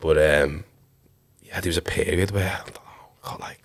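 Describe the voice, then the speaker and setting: A deep, gravelly voice at a measured pace belongs to a former footballer in his thirties from Liverpool, England. Interviewed on a casual podcast, he tells stories in a relaxed way, saying "like" and "you know" a lot.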